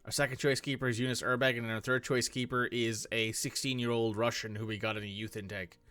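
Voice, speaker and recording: A man's voice: medium pitch, little pitch movement, a little fast, sharp tone, smooth, no room sound, soft background music. A man casually commenting as he plays a football management game, thinking aloud and reacting to the match. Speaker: gaming streamer. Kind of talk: casual let's-play commentary.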